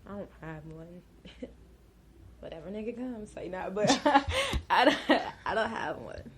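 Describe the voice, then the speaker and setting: A woman's voice: mid-range voice, sing-song, a little slow, a little hiss or hum. A woman being interviewed in a casual, candid chat. She drags out her words and has a slight lisp. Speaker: interview guest.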